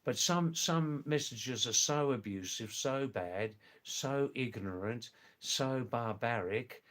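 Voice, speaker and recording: An older retired man from England and Australia, hosting a live stream, reading viewer comments aloud in a slow, gentle, repetitive way. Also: medium pitch. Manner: slow, gentle and repetitive, often says "you know" and "yes".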